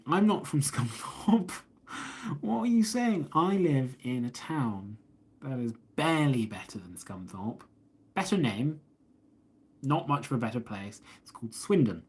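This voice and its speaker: A man's voice: medium pitch, husky. A man with an English accent hosting a casual live stream, rambling as he reads viewer comments aloud and answers them, talking into a phone he holds up. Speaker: host of a live stream about watches. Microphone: phone held up.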